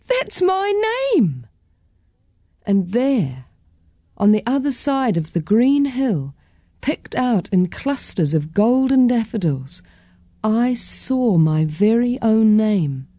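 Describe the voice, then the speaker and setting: A woman reading a children's story aloud in a gentle, expressive way. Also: medium pitch, slow pace, no room sound, clean studio sound. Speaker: storybook reader.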